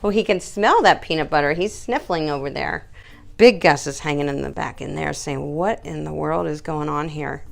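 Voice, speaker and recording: A middle-aged woman with a low, gravelly voice talks her way through a dog grooming demonstration. She keeps up a calm, coaxing patter, murmuring reassurance to a scared dog between her explanations. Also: moderate pace. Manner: soothing, coaxing, talks to the dog in a high sing-song. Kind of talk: casual how-to video.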